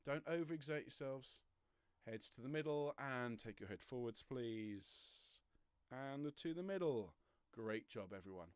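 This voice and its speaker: A man leading an online choir warm-up from home, giving step-by-step breathing and stretching instructions with an encouraging, jokey manner. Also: mid-range voice, expressive, moderate pace, clear, resonant tone, dry recording, studio quality. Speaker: choir leader. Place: home room, traffic passing outside.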